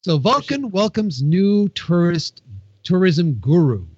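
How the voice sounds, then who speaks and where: A man's voice: sits high, big pitch swings, takes it slowly, darkish tone, slightly rough, no echo, lo-fi sound. A man co-hosting a casual podcast, reading news items and joking with the others. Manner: jokey, laughs and whoops often.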